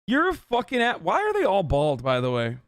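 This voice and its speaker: A young man with a fairly high, clean, smooth voice talks over a clip, cursing freely and mocking what he sees. The sound is dry and close, with no room around him. His tone stays sarcastic and exasperated throughout. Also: huge pitch swings, fairly quick, a bit bright, no echo. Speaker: streamer reacting to a TV show. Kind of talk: casual reaction commentary.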